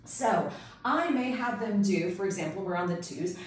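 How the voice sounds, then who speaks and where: An enthusiastic woman tutor talks through her teaching tricks with upbeat energy. Her voice rings around a very reverberant room and sits well back from the microphone. Her pitch is a typical middle for a woman. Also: animated, normal speed. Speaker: homeschool co-op tutor. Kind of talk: instructional teaching video. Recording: very echoey room, distant mic.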